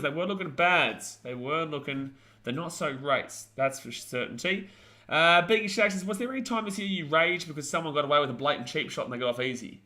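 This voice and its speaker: A young man in his twenties runs a casual sports chat stream, reading out viewer comments. His voice is bright and forceful. He talks bluntly and rambles, with plenty of fillers. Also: mid-range voice. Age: 20s.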